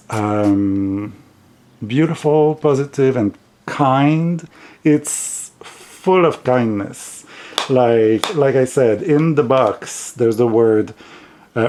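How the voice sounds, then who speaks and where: Slow, hesitant man with a French accent. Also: mid-range voice, mellow. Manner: unhurried, hesitant, many restarts and fillers. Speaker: tarot vlogger. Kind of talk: casual monthly wrap-up chat.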